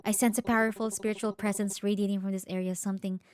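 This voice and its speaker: A woman voicing a calm, courteous male spirit medium who speaks in a measured, polite, slightly lowered tone. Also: soft background music, close to an everyday voice. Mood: composed.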